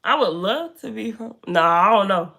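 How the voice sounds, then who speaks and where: A young woman hosts a casual live stream from a room indoors. She greets viewers by name and chats with them in an animated way. Her voice is bright and crisp. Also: mid-range voice, moderate pace. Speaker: livestreamer.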